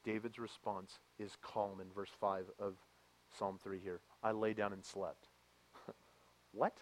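A man preaching a sermon as a pastor, reading scripture aloud and moving from quiet reflection to loud, impassioned preaching. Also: fairly low pitch, little pitch movement, unhurried. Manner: reads scripture aloud with emphasis.

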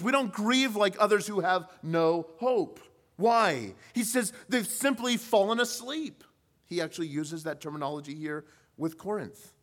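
A male pastor preaching a sermon, pushing his voice up for emphasis with rhetorical questions, then dropping low and quiet. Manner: rises in pitch and volume for emphasis, then drops low.

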